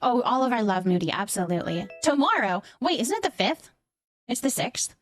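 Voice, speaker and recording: Chatty, affectionate woman streamer, higher voice. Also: very animated, fairly quick, faint music behind. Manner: chatty, affectionate, thanks viewers by name. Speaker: livestreamer reading out viewer chat. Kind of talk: casual live stream chat while gaming.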